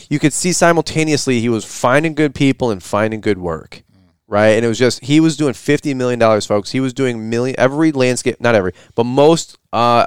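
A man co-hosting a podcast, rattling off stories at a fast clip. His voice is smooth and resonant, and the sound is dry and close. He slips into livelier, higher voices when he quotes people. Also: dry recording. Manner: animated storytelling, acts out quoted voices in a higher pitch. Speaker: podcast co-host. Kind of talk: casual podcast chat.

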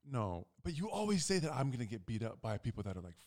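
A young man co-hosting a casual chat, telling a long story and acting out the quotes with big jumps in pitch. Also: big pitch swings, fast talker, a little mellow. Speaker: podcast co-host.

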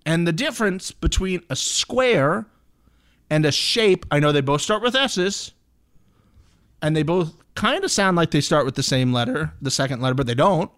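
A man's voice: a little high, animated, normal speed, a bit bright. A man co-hosting a podcast, chatting casually, joking and swearing now and then. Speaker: podcast co-host. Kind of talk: casual chat.

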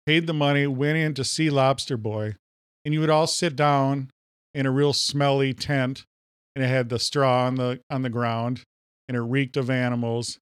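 Animated joking man, from Minnesota. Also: mid-range voice, moderate pace, smooth, no echo, studio quality. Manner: animated storyteller, jokey. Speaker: podcast co-host. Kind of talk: casual chat.

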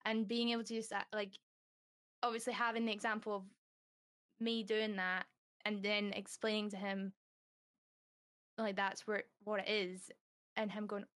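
A woman's voice: medium pitch, level tone, normal speed, pauses often, a bit bright. Candid, rambling young woman guest. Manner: candid, rambling, heavy use of "like" fillers; acts out quoted dialogue. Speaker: podcast guest. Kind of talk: casual podcast chat.

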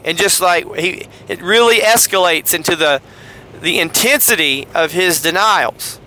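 A man's voice: high voice, expressive, normal speed, bright, forceful tone. A man with a Southern US accent hosting a podcast, casually retelling Bible passages and acting out the quoted lines in voices. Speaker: podcast host.

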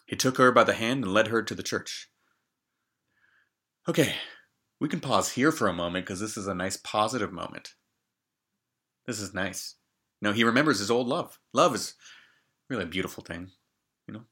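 A man's voice: fairly low pitch, normal speed, pauses often, sharp tone, breathy edge. A man reading a fairy tale aloud, stopping often for joking comments on the story. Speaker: storybook reader.

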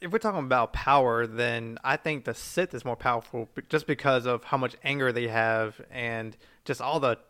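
A man's voice: mid-range voice, moderate pace, few pauses, bright, forceful tone. A man chatting casually with friends, dropping short joking remarks. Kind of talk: casual group chat.

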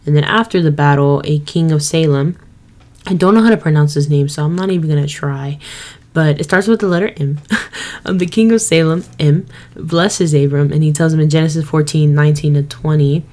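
Low-voiced young woman, slangy podcast host. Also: a little fast. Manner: slangy, lively retelling with quoted voices. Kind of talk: casual faith podcast retelling.

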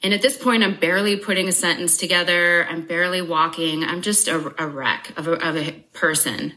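A woman speaks as an interview guest, frank and unguarded, swearing freely. Her voice sits a touch low but comes across bright and forceful. She moves briskly through her account with dry, wry humor. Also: poor audio. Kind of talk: candid personal storytelling.

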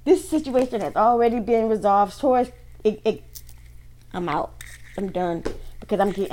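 A woman reading tarot cards for her viewers in loose, everyday slang, blunt and quick to swear. Her voice sits at an ordinary middle pitch. A faint hiss and small clicks run under her speech. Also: dark tone, low-quality recording. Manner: blunt, profane, slangy talk. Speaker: tarot card reader. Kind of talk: casual tarot reading to camera.

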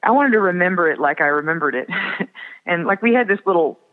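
A man's voice: sits high, expressive, brisk. Man on a tinny, echoey phone line. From Fargo area, Minnesota. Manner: hesitant, reflective, many fillers. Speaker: songwriter guest. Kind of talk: casual interview.

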